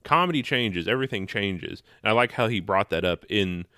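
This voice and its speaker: A man's voice: fairly low pitch, animated, fairly quick, sharp tone, no echo, clean studio sound. A man co-hosting a podcast in casual chat, making a thoughtful point. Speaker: podcast co-host.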